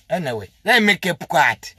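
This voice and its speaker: Young ugandan man ranting, bright tense voice, dry close sound, confrontational. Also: high voice, very animated, takes it slowly, breathy edge, dry recording. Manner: indignant, confrontational, emphatic repetitions. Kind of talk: heated monologue mixing English and Luganda.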